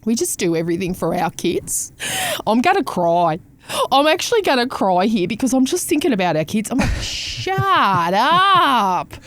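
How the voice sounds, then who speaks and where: A woman's voice: medium pitch, big pitch swings, fairly quick, a little mellow. A woman with an Australian accent, hosting a casual chat and talking bluntly, swearing and mimicking people as she tells stories. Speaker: podcast host.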